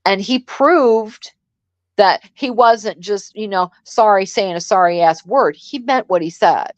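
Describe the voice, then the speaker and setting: A woman's voice: medium pitch, unhurried, dry recording. A woman in her sixties co-hosting a live commentary stream, blunt, sassy and profane, acting out what people said. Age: 60s. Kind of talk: casual commentary chat.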